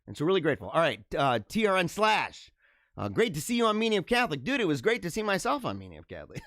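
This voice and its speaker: A man hosting a livestream, chatting casually and answering viewer comments in an animated, talkative way. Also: fairly high pitch, fast, no room sound, clean studio sound. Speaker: livestream host.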